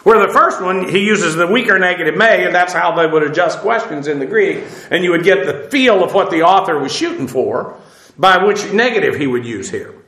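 Male Bible teacher, bright and sharp tone, halting delivery with restarts and spelled-out words, recorded with room echo. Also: high voice, expressive. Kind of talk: verse-by-verse Greek text lesson.

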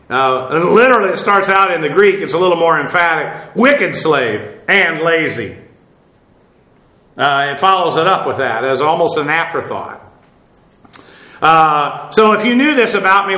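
A man's voice: on the high side, pushed and bright, reverberant, poor audio. A man preaching a sermon in a conversational way, often asking his listeners questions. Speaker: pastor.

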